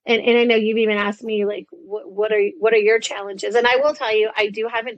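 Animated fifties woman, dry close sound. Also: fairly high pitch, a little fast, no echo, muffled recording. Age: 50s. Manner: animated, acts out quoted voices. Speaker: guest. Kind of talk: casual interview chat.

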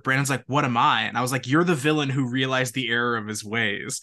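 A young man co-hosting a podcast, telling stories in a lively, laughing way. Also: mid-range voice, fast. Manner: animated, laughing, quotes friends in voices. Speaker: podcast co-host. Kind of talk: casual chat, storytelling.

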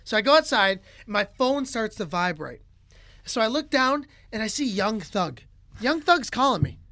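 Lively young man telling a story on a podcast. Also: sits high, moderate pace, dry recording. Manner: animated storyteller, many fillers like "like" and "right?". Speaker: podcast co-host.

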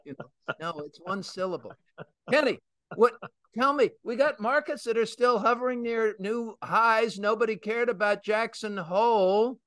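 Bright, crisp-voiced male talk host. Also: sits high, moderate pace, no room sound. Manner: chatty, teasing, joking asides. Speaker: radio show host. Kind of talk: casual market talk.

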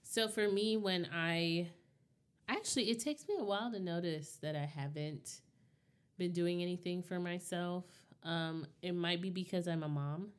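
Low, smooth-voiced woman chatting candidly. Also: normal speed. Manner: candid, reflective, often asks "you know what I mean". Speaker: podcast co-host. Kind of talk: casual chat.

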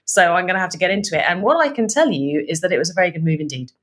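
A woman co-hosting a podcast, telling an animated story in casual chat and laughing easily. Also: on the low side, rapid-fire. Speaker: podcast co-host.

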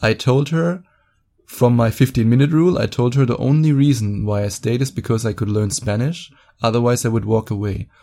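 Brisk and mellow, with medium pitch and a steady tone, a young German podcast host delivers a casual monologue. He's boastful, blunt, and profane.

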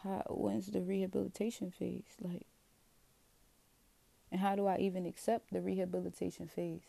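A woman talking straight to her viewers in a rambling, profane, self-questioning confessional. Her voice is dark and gravelly with heavy vocal fry. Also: medium pitch, little pitch movement, moderate pace, dry recording. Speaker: vlogger. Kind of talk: candid confessional monologue.

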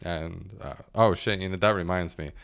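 A man's voice: low-pitched, fairly even intonation, normal speed, gravelly, fairly bright tone. A man in his late twenties hosting a casual solo podcast, rambling and joking, swearing freely and laughing often. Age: late 20s. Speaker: podcast host.

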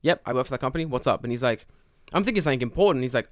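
A young man chatting on a podcast, telling a story with lots of swearing and little acted-out voices for the people in it. His pitch sits in the middle, and the recording is dry and close. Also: rapid-fire, dry recording. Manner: animated, profane, acts out quoted dialogue. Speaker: podcast co-host. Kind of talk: casual storytelling chat.

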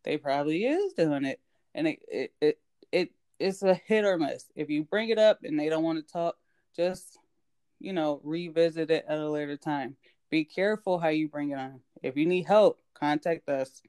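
A podcast co-host speaking in a relaxed, informal way, urging listeners to reach out and saying "y'all". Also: mid-range voice, normal speed, smooth. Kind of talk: casual podcast chat.

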